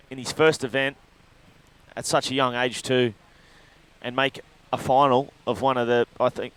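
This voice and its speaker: A man's voice: mid-range voice, a bit bright, smooth. A man giving loose, rambling live commentary on a surf contest, breaking down each ride. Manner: loose, rambling analysis with fillers.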